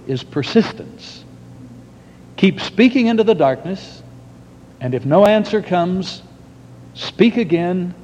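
Male preacher, unhurried dramatic sermon storytelling, higher voice, long hall echo. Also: darkish tone. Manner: slow and dramatic, long pauses. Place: church hall with audience. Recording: long hall reverb, dull lo-fi, faint rumble.

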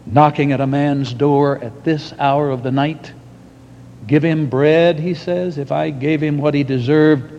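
A man's voice: on the high side, fairly even intonation, measured pace, a little mellow, slight background noise. A man voicing a grumpy peasant man woken at night, muttering with irritation, recorded in a reverberant hall with dull sound. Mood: grumbling.

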